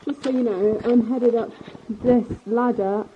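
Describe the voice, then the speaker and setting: British woman, travel vlogger, bubbly and gushing, voice sits a little high. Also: steady tone, a little slow, muffled recording, slight background noise. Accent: British English. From Britain. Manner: bubbly, gushing, chatty tour-guide talk. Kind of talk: travel vlog chat.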